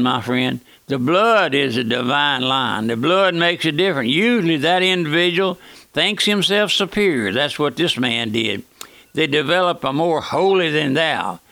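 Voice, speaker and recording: An older man preaches on the radio in a gravelly, fairly high voice. He is folksy and keeps turning to the listener as a friend. The sound is close and dry. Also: pushed and bright, no room sound. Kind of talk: radio sermon.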